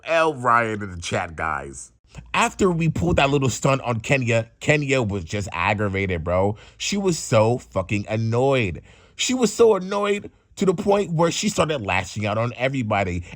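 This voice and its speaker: A young man telling a casual storytime in an animated, slangy way, often saying bro. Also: fairly low pitch, moderate pace, no echo, clean studio sound. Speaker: vlogger.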